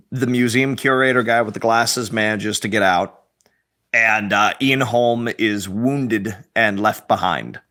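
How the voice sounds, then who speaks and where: A man co-hosting a casual film review, recapping the plot in an unhurried way with fillers. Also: fairly low pitch, bright, forceful tone.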